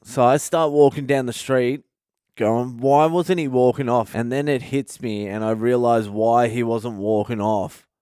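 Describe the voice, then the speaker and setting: A man's voice: mid-range voice, flat delivery, a little slow, dark tone, smooth, dry recording. A man, a comedian hosting a podcast and telling a profane, laid-back story into a close mic.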